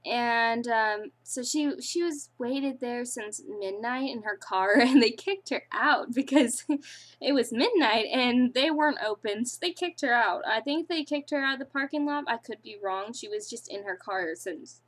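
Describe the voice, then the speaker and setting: A teenage girl with a high, bright-toned voice tells a long anecdote to her camera in a casual way. She giggles often and rambles with lots of "like" and "um." Her restarts come as the story spills out. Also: unhurried. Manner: giggly, breaks into laughter often; rambling, with many fillers and restarts. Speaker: vlogger.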